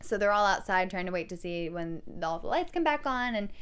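A woman's voice: medium pitch, animated, fairly quick, fairly bright tone, clear, resonant tone. A young woman co-hosting a podcast, recapping a TV episode in casual chat and acting out quoted lines in playful voices.

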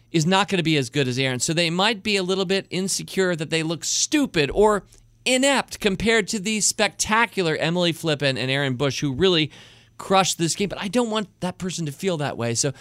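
A man's voice: high voice, fairly bright tone, no echo. A middle-aged man hosting a podcast, chatting enthusiastically with rambling asides. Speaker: podcast host. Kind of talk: casual podcast chat.

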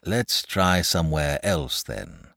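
A man's voice: mid-range voice, huge pitch swings, unhurried, no echo, studio quality, voice pushed up, full character voice. A man voicing a frank, pleasant knight who talks patiently and persuasively, in a storybook reading.

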